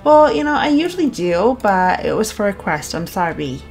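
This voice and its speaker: A woman hosting a let's-play of a cozy farm game, chatting casually, bubbly, giggly and easily excited. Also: medium pitch, moderate pace, soft background music. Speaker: gaming channel host.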